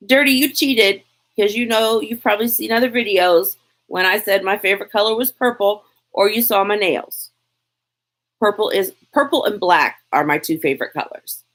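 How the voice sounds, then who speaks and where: This woman's voice sits at medium pitch, and she talks at a moderate pace. In her 40s, she's a lifestyle vlogger running a live Q&A on her phone, answering viewer questions in a chatty, lively way, laughing often and reading comments aloud.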